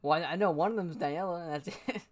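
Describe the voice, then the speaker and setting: A man's voice: a little high, fast. A young man hosting a casual podcast chat, reading questions aloud, laughing easily and swearing. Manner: giggly, loose, swearing.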